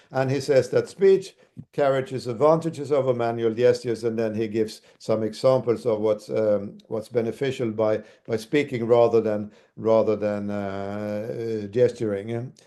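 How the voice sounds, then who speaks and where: A man giving an academic lecture as a university lecturer, speaking haltingly with many restarts. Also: mid-range voice, mellow.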